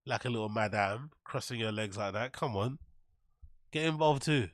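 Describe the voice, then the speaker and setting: A man hosts a reaction show, picking apart a clip with sneering sarcasm and a steady stream of profanity. His voice sits at a middle pitch, recorded dry and close with no room sound. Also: normal speed, no room sound. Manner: mocking, sarcastic, swears a lot. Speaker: commentary show host. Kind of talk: reaction commentary.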